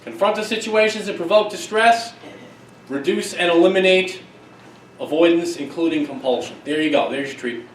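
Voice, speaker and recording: Middle-aged guy doing a keynote talk, kinda high voice, lively storyteller, echoey hall mic from far off. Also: moderate pace, slight background noise. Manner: lively, emphatic storytelling with asides. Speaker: keynote speaker, psychologist. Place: conference hall. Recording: echoey hall, distant mic, faint ambience.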